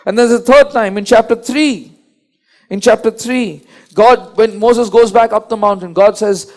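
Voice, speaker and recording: A man's voice: sits high, a little slow. A man preaching a sermon, emphatic and repetitive, often restarting his sentences.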